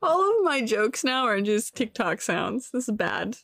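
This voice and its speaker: A woman's voice: a little high, sing-song, measured pace, creaky, a bit bright, no echo. A woman streaming a cozy video game, chatting casually with playful, giggly reactions and jokey asides. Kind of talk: casual live game commentary.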